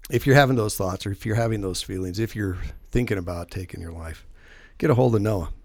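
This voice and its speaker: A man's voice: fairly low pitch, fairly quick, dry recording. A man hosting a casual faith-based podcast, telling rambling, self-deprecating stories. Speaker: podcast host.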